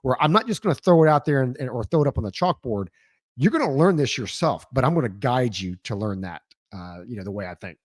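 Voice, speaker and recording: A man's voice: medium pitch, quick pace, no room sound. A man co-hosting a podcast, telling stories animatedly and acting out what people said. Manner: animated storyteller who acts out voices. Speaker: podcast co-host. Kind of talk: casual podcast conversation.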